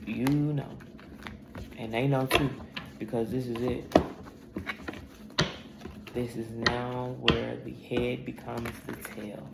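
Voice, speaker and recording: Woman tarot reader, gravelly and blunt, profane, in an echoey room with steady noise behind her. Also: a bass voice, slow, pauses often. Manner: blunt, profane, emphatic storytelling. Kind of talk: casual spiritual reading monologue.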